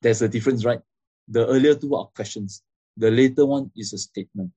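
Guy teaching a class, warm low-key tone, raspy edge, keeps saying okay right. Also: brisk, dry recording. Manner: explanatory, frequent "okay?" and "right?" check-ins. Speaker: lecturer. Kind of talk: classroom lecture.

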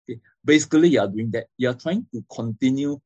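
A man's voice: mid-range voice, expressive, fast, a little mellow, no echo, dull audio. A man giving a classroom lecture, explaining step by step and often checking in with "okay?" and "right?".

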